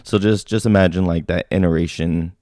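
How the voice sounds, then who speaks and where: Low, mellow-voiced man telling army stories. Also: fairly quick, dry recording, studio quality. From Sacramento. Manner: animated storyteller, swears often, acts out shouted drill exchanges. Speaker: podcast co-host, army veteran. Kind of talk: casual storytelling chat.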